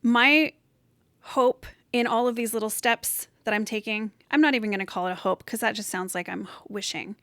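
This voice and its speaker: A woman's voice: fairly high pitch, normal speed, a bit bright, no room sound. A woman hosting a solo motivational podcast from her bedroom, talking in an earnest, encouraging, emphatic way. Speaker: podcast host. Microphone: camera set up in room.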